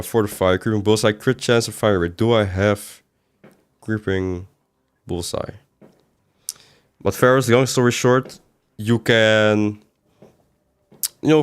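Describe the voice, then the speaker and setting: A man doing casual livestream commentary as a game streamer, reading chat aloud and answering it in a rambling way with sudden exasperated outbursts. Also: on the low side.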